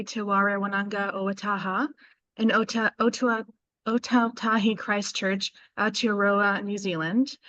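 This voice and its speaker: A woman's voice: mid-range voice, a bit bright, no echo, highs cut off. A woman hosting a festival event, reading out a speaker's introduction carefully and stumbling over a few names. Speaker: festival host.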